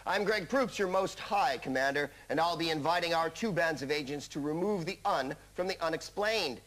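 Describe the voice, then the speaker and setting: A man's voice: on the high side, normal speed. A man hosting a comic quiz show, delivering scripted jokes with a wry punchline style. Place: TV studio with a live audience. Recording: broadcast studio with loud audience noise.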